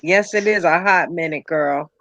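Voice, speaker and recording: A woman co-hosting a casual chat, talking slowly and playfully. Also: on the low side, a bit bright, no room sound. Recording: dull lo-fi dry audio.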